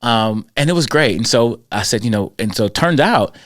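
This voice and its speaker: A man hosting a podcast, telling stories about school kids in an animated, conversational way that slips into quoted voices. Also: mid-range voice, normal speed, dry recording, studio quality. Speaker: podcast host and school character-education speaker. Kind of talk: conversational storytelling.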